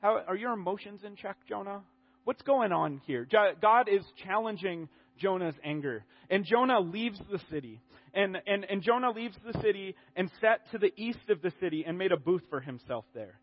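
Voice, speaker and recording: A man preaching a sermon in a conversational, animated way, often restarting his sentences. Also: sits high, normal speed, lo-fi sound.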